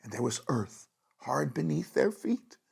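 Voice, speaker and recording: Bedtime storyteller, gravelly, breathy, animated read-aloud, lively pitch. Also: a little slow.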